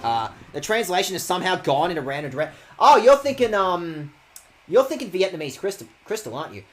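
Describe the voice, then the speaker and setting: Animated sarcastic man streaming a game. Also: on the high side, fast talker. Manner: animated, sarcastic, swears often. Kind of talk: casual game streaming chat.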